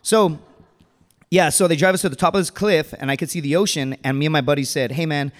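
A man's voice: fairly high pitch, fast talker. A man doing stand-up storytelling on a live stage, rambling and conversational with lots of fillers, chuckling at his own story. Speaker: stand-up comedian. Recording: reverberant hall.

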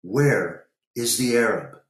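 A man's voice: on the low side, expressive, slow pace, echoey room. A man reading a story aloud, voicing a curious, stubborn young boy who keeps asking questions. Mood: insistent. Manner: questioning, insistent.

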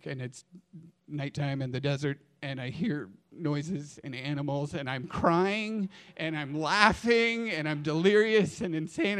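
A man telling a personal story on stage in an animated, dramatic way, swinging between hushed and loud. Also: high voice, clean tone.

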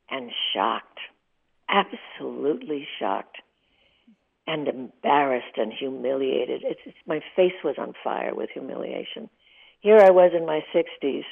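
A woman's voice: deep voice, creaky. An older woman in her eighties, a guest telling vivid, emotional stories in a candid interview. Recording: tinny phone line.

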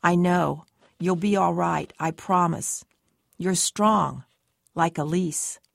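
Woman doing a calm persuasive man. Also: on the low side, slow pace, gravelly, no echo, clean studio sound, full character voice. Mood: urgent. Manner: steady, patient, persuasive. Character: calm mysterious man posing as a store guard.

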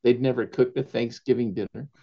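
Man telling lively stories, dull recording. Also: mid-range voice, a little fast, gravelly. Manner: animated anecdotes, laughs often, slips in Spanish phrases. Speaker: author as interview guest. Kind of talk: storytelling in a conversational interview.

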